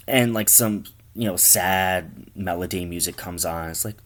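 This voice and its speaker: A man spins a rambling comic story, his pitch swinging widely. He swears freely and trails off with lots of filler. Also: unhurried. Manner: rambling, profane, animated. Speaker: comedian.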